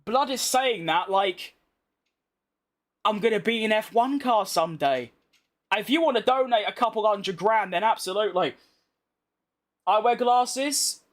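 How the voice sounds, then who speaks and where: Chatty British young man, fairly high voice. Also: animated, normal speed. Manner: chatty, blunt, slangy banter. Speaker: gaming YouTuber. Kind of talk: casual gameplay commentary reading chat.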